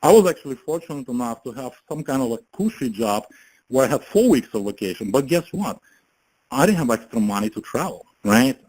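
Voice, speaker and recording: A man giving a casual motivational pitch as a network marketing promoter, chatty, laughing often and filling his talk with "you know" and "right?". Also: animated, a little fast, a little mellow, breathy edge, rough recording. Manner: chatty, laughs often, many fillers and tag questions.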